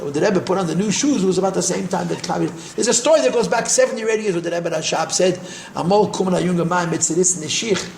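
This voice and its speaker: An older man, a rabbi, telling stories in a repetitive, animated way and sprinkling in Yiddish and Hebrew terms. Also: sits high, vocal fry, a little hiss or hum. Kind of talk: storytelling talk. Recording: echoey room.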